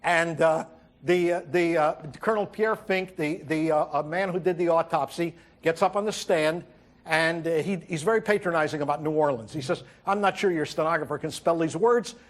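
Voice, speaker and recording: A man delivering a wry stand-up monologue as host, telling stories and acting out quotes with halting fillers. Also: fairly high pitch. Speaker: comedian host. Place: TV studio with audience.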